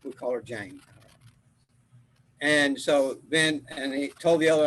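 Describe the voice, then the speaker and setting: A man's voice: mid-range voice, a little slow, long pauses, fairly bright tone, slight background noise, rough recording. An older man, a spiritual teacher, telling a rambling story in casual group chat, laughing often.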